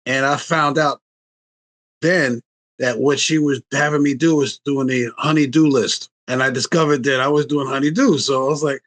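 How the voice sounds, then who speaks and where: Speaking at a normal speed with a medium-pitched voice, this sixty-something relationship coach shares family anecdotes in a relaxed interview. He gets lively, raising his voice whenever he performs a quote.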